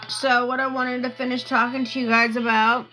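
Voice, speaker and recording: A woman's voice: fairly high pitch, flat delivery, moderate pace, sharp tone, soft background music, rough recording. A woman chatting casually on a livestream, rambling through a personal story and asking viewers for gifts. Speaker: TikTok live streamer.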